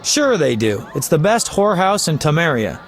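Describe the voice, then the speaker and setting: A flamboyant bard chatters on in a teasing, talkative way, his voice sitting slightly high. A faint crowd murmurs behind him, as in a game tavern scene. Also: very animated, normal speed. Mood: coaxing. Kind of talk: video game voice acting.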